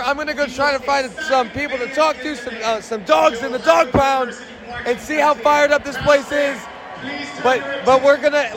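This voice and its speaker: A man hosting his own fan sports show live from the stands of an outdoor football stadium, talking in a hyped, shouty, rambling way and losing his voice. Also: extremely high pitch. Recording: loud stadium crowd and noise.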